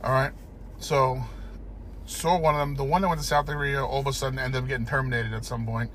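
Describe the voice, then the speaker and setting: A man's voice: mid-range voice, steady tone, brisk, a bit bright. A man telling a rambling, profane story in casual chat as a podcast co-host, with faint noise behind him.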